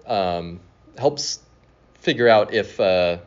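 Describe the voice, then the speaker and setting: A male teacher guesting on a school podcast, speaking in a steady, thoughtful way with some fillers. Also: lowish voice, slow pace. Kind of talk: casual podcast chat. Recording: dull lo-fi sound.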